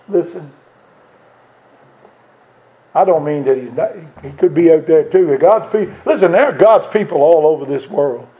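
A man's voice: a little high, moderate pace, pauses often, dull audio. A man preaching a sermon in a church, acting out the voices of scripture figures and rising in force as he goes.

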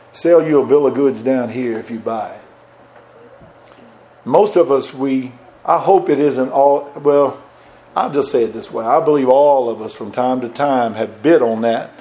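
An older man preaching a sermon, moving from soft conversational asides to loud, fervent bursts. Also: medium pitch, a little slow.

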